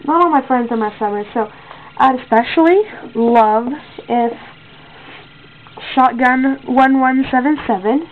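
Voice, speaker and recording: Girl announcing a homemade contest, higher voice, rambly, lots of ums, tinny lo-fi cam audio. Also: measured pace. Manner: rambling, with many fillers and self-corrections. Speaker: contest host. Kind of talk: casual home video.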